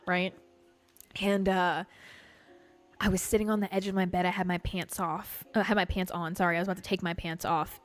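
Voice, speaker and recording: A young woman hosting a casual livestream, telling stories in an animated, chatty way full of fillers and swearing. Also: mid-range voice. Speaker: livestream host.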